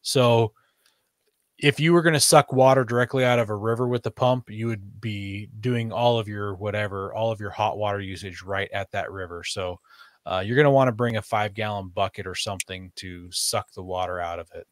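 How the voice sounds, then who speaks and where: A man's voice: lowish voice, steady tone, fairly quick, no echo, studio quality. A man chatting casually on a podcast, rambling with fillers and restarts. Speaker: podcast host. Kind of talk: casual chat.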